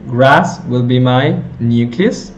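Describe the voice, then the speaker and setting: A male teacher slowly explaining a lesson step by step, with many fillers and self-corrections. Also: mid-range voice. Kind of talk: recorded lecture on intonation.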